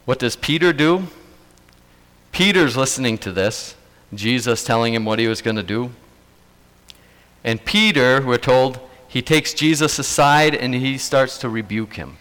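A man's voice: mid-range voice, a little slow, fairly bright tone, long reverb tail. A man preaching a sermon, retelling events earnestly and emphatically, repeating key phrases for weight.

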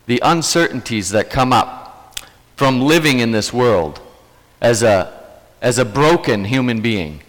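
A male pastor delivering a sermon at an unhurried pace, his pitch rising and falling expressively. He speaks earnestly and repeats phrases for emphasis. His voice carries a long echo, as if in a large church hall. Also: expressive. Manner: earnest, repetitive emphatic preaching.

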